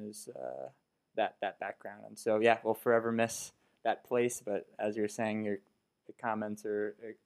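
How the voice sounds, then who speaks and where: A man in his twenties from Baltimore, a podcast guest, speaking haltingly with many pauses and a soft trailing delivery. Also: fairly low pitch, clear, resonant tone. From Baltimore, United States. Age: 20s. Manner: hesitant, halting, many fillers, trails off softly. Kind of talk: casual podcast chat.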